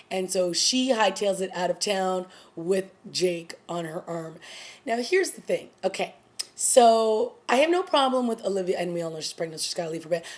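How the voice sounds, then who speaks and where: A woman in her thirties chatting casually through a TV episode review, exclaiming and acting out quotes. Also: medium pitch. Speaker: TV recap vlogger.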